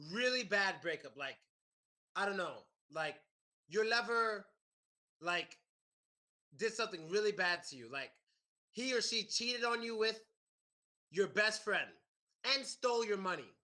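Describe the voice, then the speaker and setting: An American man teaching a class, animated and repeating his questions to the students. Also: sits high, a little slow, long pauses. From United States. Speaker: English teacher. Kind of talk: classroom lesson.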